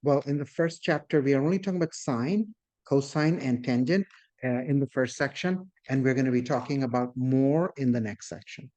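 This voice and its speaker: A man's voice: medium pitch, moderate pace, darkish tone, muffled recording. A man teaching a math class, explaining step by step and often checking in with his students. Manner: addresses the class as "guys", invites questions. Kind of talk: classroom lecture.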